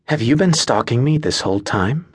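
A man's voice: mid-range voice, animated, normal speed, breathy edge, no echo. A man voicing a tough young warrior woman in an audiobook, speaking tersely and with a scolding edge. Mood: guarded.

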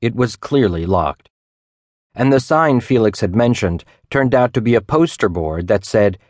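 A man narrates a suspense audiobook in a low voice. His reading is measured and even. The sound is close and dry, with no room sound at all. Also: no echo. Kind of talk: scripted narration.

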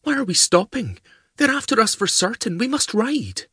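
A man's voice: sits high, sing-song, moderate pace, bright, forceful tone, breathy edge, no echo, studio quality, pitched above the performer's own voice, exaggerated voice. Man doing a clipped, haughty young noblewoman. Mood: alarmed. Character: feisty, spoilt young lowland noblewoman. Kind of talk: audiobook character voice.

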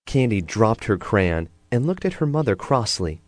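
A man narrating a children's picture book in an expressive storytelling manner. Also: lowish voice, moderate pace, few pauses, no room sound, studio quality. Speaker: audiobook narrator.

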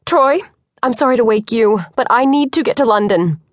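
A woman narrator voicing a confident young woman who runs a construction firm, brisk and teasing in her manner. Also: a little high, expressive, dry recording, clean studio sound, voice pushed up, lightly acted.

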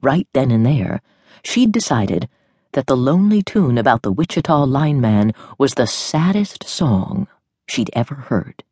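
A woman narrating an audiobook novel in an expressive storytelling manner. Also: rumbling low, unhurried, breathy edge, no room sound, studio quality.

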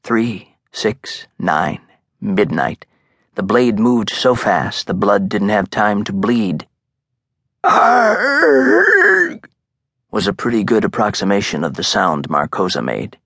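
A man reading a thriller audiobook in a measured, suspenseful narration. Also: lowish voice, dry recording. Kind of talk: scripted narration. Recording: dry, close studio sound.

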